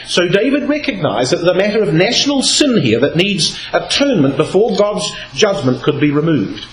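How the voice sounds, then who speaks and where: A man's voice: sits high, normal speed, hardly any pauses. A man giving a Bible talk, reading scripture aloud and shifting his emphasis as he explains. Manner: expressive, reads scripture aloud with varied emphasis. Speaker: Bible speaker. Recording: echoey hall with faint noise.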